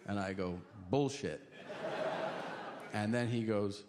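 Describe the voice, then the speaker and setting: A male stand-up comedian telling a story, animated and profane, acting out each scene. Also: mid-range voice, normal speed, heavy background noise.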